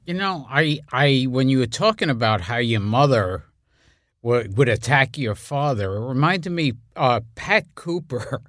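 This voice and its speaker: A man's voice: medium pitch, animated, unhurried, fairly bright tone, dry recording, clean studio sound. A man co-hosting a podcast, prompting his guest with friendly questions. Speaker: podcast co-host. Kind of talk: interview questions.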